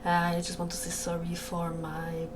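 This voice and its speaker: Alone at home on a livestream, a French Canadian streamer and game creator chats casually, hesitant and apologetic, frequently starting her sentences over. Her voice is lowish and completely flat, at normal speed. The background is noisy.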